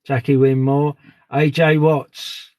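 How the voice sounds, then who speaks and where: A man's voice: mid-range voice, little pitch movement, slow, darkish tone, dry recording. A man live streaming outdoors at dusk on a phone, chatting casually and greeting viewers by name. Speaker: live streamer on a sky watch.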